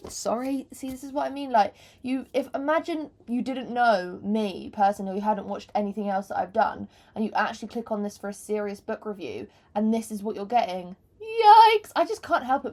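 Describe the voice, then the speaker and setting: A woman's voice: mid-range voice, darkish tone. Rambling, self-mocking young woman vlogger. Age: 20s. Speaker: book vlogger. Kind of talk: casual chat to camera. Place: bedroom floor, hot room.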